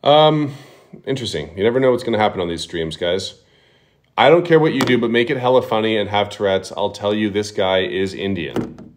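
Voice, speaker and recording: A man hosting a prank call livestream, talking quickly and offhandedly with some swearing. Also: on the low side, lively intonation, a little hiss or hum. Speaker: prank call streamer host. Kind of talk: casual livestream chat.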